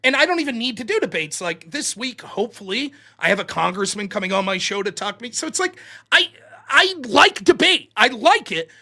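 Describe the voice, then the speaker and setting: Man, very high voice, bright and forceful, blunt and profane, casual guest chat. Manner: blunt, profane, animated storytelling. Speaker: guest streamer and debater. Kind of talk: casual podcast conversation.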